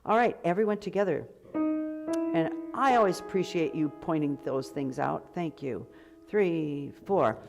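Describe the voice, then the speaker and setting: A woman's voice: deep voice, lively intonation, unhurried. A woman directing a choir rehearsal, counting beats aloud and sometimes singing the counts to demonstrate. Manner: sings short count phrases to demonstrate. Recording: music heard clearly behind the voice.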